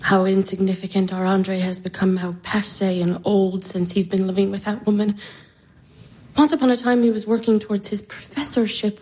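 A woman's voice: on the high side, dark tone, breathy edge, rough recording. An actress in her twenties playing a despairing young woman, anguished, sighing and whispering. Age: 20s. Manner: anguished, breaking into sighs and whispers. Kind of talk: stage drama acting.

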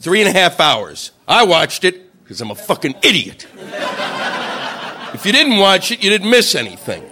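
A male stand-up comedian ranting profanely through a routine and shouting out mocking quotes. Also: high-pitched, huge pitch swings, moderate pace, noisy background.

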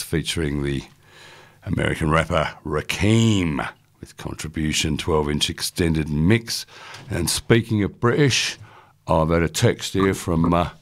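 A man working as a radio DJ, presenting casually in a chatty, rambling way with lots of fillers. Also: deep voice.

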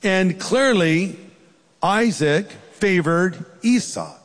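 A man preaching a sermon as a pastor, telling the story lively and acting out the characters' voices. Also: sits high, very slow, big-room sound.

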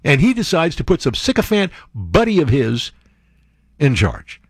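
Animated male news commentator. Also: moderate pace, husky, dry recording, clean studio sound. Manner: animated, sarcastic asides, jumps to high exclamations. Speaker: show host reading and commenting on news. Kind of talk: casual political commentary.

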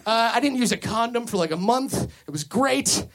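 A man delivering a stand-up set of one-liners in a dry, deadpan way. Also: very high voice, moderate pace. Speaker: stand-up comedian.

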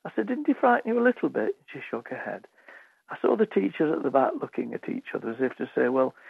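A man's voice: medium pitch, gravelly, breathy edge, no echo. A man telling funny anecdotes as a radio guest, acting out the voices of children and teachers. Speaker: author guest. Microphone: phone line. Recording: tinny phone line, dry.

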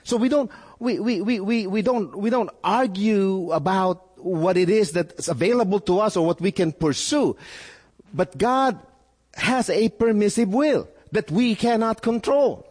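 A pastor with a high-pitched, husky voice that's a little mellow preaches at a somewhat slow pace. Questions to the listeners and repeated words carry his argument forward, while the hall echoes with long reverb.

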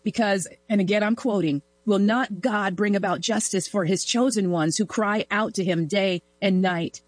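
Woman, devotional host, earnest, reflective, dry, average pitch. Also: normal speed, dry recording, rough recording. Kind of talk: reading a Bible devotional.

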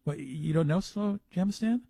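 Upbeat radio host man, husky. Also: a little high, normal speed, warm tone, dry recording. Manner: upbeat, playful, emphatic. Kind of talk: radio talk show hosting and ad reading.

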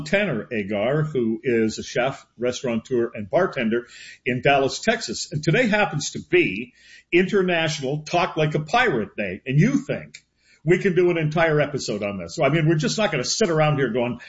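A man hosting a casual radio show, joking in a relaxed way with his co-host. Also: fairly high pitch, normal speed. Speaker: host, broadcaster. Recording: muffled lo-fi radio audio.

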